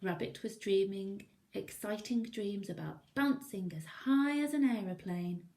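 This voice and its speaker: A woman teacher reading a picture book aloud to young children, gently pointing out the pictures. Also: medium pitch, measured pace. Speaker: primary school teacher.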